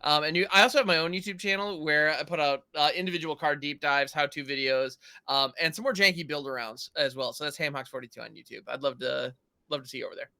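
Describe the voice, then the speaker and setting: A man's voice: on the high side, quick pace, pushed and bright. A man speaking as a guest streamer in a casual chat, sounding a little sleepy but upbeat and promotional.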